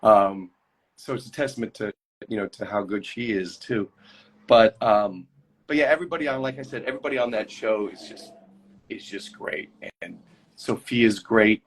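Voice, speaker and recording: A man's voice: fairly low pitch, moderate pace, husky. A man, an actor, chatting casually as a guest on a live phone call, telling stories in a rambling way with many restarts.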